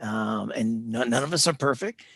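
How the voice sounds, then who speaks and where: A man, a leadership coach, speaking as an interview guest; he gets excited and then deliberately slows and calms his voice. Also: mid-range voice, no room sound. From United States. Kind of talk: interview over video call.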